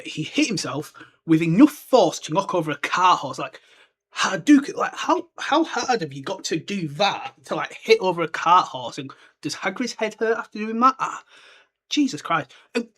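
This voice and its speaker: This young man hosts a solo book-discussion podcast, talking loosely with plenty of filler words as he rambles. His voice sits high with a fairly bright tone.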